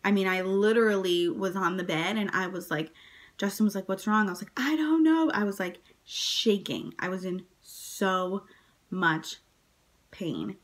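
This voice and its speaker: A woman vlogger telling her birth story to camera in a casual, chatty way, full of "like" and "um", jumping up high when she quotes herself and others. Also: fairly even intonation, a little slow, fairly bright tone. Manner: chatty, many fillers, acts out quotes in a high voice.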